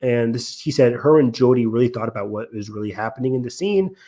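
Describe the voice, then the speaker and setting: A man's voice: medium pitch, quick pace. Man analyzing a show in podcast chat. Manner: analytical, steady explaining with frequent ums and restarts. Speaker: podcast co-host. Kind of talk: casual podcast discussion.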